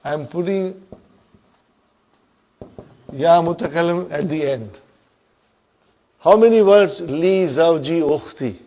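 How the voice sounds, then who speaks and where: A man's voice: a little high, takes it slowly, pauses often, mellow. A man teaching an Arabic grammar class, patiently explaining terms and often checking that his students follow.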